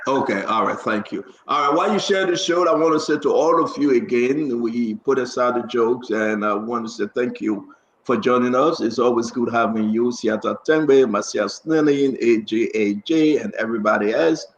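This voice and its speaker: A man's voice: mid-range voice, normal speed. Chatty male talk-show host, echoey room. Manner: chatty, upbeat, preachy asides. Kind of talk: casual online talk show hosting.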